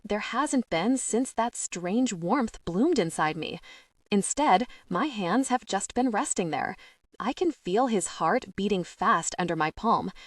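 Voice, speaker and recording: A woman narrating a first-person romance audiobook, reading in a dramatic, expressive way. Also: mid-range voice, no room sound, clean studio sound.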